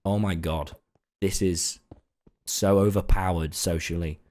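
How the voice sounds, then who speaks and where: A man's voice: sits low, fairly even intonation, a little slow, a little mellow, no room sound. A young man chatting casually in a late-night vlog, rambling and laid-back and swearing now and then. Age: young adult. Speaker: online content creator.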